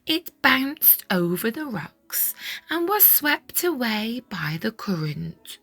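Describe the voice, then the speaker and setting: A woman reading a children's picture book aloud in an expressive, sing-song storytelling manner, sometimes dropping into whispered asides. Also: on the high side, takes it slowly, no echo, soft background music.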